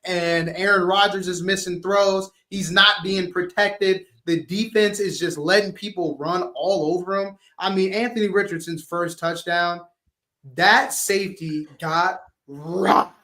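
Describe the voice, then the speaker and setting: A young man with a high voice riffs on football in casual slang. He talks animatedly and slips into acted-out quotes. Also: steady tone, a little slow, sharp tone. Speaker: sports show co-host. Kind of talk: casual sports talk.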